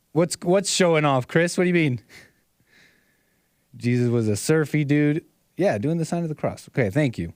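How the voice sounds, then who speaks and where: A man hosting a casual livestream call-in show in a dry, close-miked sound with no room behind him. His voice sits a little high for a man. He rambles, repeats himself and chuckles as he goes. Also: expressive, normal speed, dry recording. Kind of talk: casual talk-show commentary.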